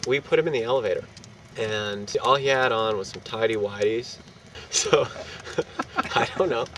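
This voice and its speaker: A young man telling a rowdy anecdote in casual, profane, animated fashion, laughing between lines. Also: medium pitch, normal speed. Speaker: storyteller. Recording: distant mic with street and traffic noise.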